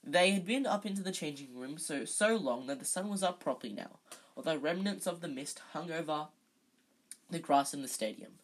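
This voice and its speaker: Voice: mid-range voice, lively intonation, moderate pace, rough recording. An amateur reader reading a children's novel aloud, unpolished, often stumbling and correcting themselves. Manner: unpolished, frequent slips and self-corrections.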